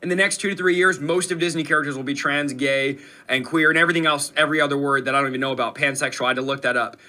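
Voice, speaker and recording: An emphatic male host delivers indignant commentary directly to his audience. His voice sits a bit high, with a bright, sharp edge. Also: fairly even intonation, rapid-fire. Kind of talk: commentary on played clips.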